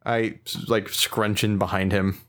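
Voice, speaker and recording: A man's voice: on the low side, level tone, measured pace, fairly bright tone. A man playing a tabletop role-playing game in a playful, sometimes exasperated way. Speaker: player.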